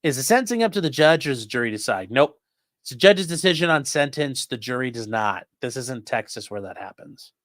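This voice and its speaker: A man hosting a livestream, reading out viewer questions and answering them in a rambling, offhand way that often trails off quietly. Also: mid-range voice, lively intonation, brisk, dry recording, studio quality. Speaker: livestream host reading chat. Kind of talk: casual live chat.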